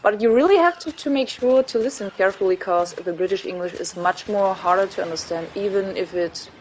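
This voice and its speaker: A woman's voice: medium pitch, a little fast, a little mellow, a little hiss or hum, rough recording. A woman with a German accent chatting casually while streaming a game, rambling and laughing often. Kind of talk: casual chat while gaming.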